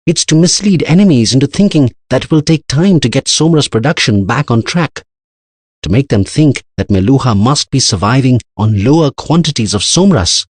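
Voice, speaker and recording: A man's voice: mid-range voice, lively intonation, moderate pace, darkish tone, slightly rough, no echo, pitched above the performer's own voice. A man voicing a resolute young princess who speaks in a firm, matter-of-fact way.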